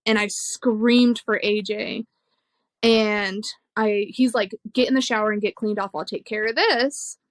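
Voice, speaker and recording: A woman's voice: mid-range voice, steady tone, unhurried, dry recording. A young woman, a podcast guest, telling a personal story in a frank, emotional way, swearing freely and laughing between hard moments. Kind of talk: candid conversational storytelling.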